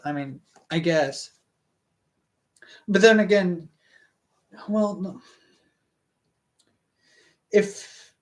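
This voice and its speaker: Slow, rambling live-stream book reader. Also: mid-range voice. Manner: rambling and hesitant, with many restarts and trailing asides. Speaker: streamer reading a book aloud to a live chat. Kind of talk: casual live-stream reading with rambling commentary.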